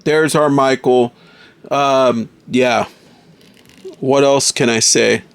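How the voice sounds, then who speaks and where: A man's voice: mid-range voice, fairly even intonation, slow, clear, resonant tone, no room sound. A man casually reviewing a toy figure, enthusiastic and often calling viewers folks.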